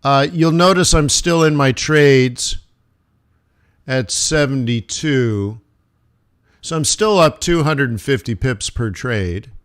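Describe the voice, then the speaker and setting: A man's voice: mid-range voice, takes it slowly, fairly bright tone, smooth. Casual rambling male forex streamer. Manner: casual, rambling, joking asides. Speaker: forex trader hosting a live stream. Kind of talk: live trading commentary.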